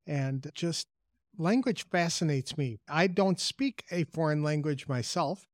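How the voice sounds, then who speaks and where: A man's voice: a little high, measured pace, no echo, clean studio sound. Man hosting an interview podcast. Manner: earnest, reads a scripted introduction. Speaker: podcast host.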